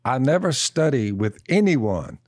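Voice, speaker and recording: A man telling a slow, folksy outdoor story and turning it into Bible teaching, repeating "I said" as he goes. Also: medium pitch, sing-song, darkish tone, no room sound, studio quality. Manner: slow, drawn-out storyteller who keeps repeating "I said". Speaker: podcast co-host.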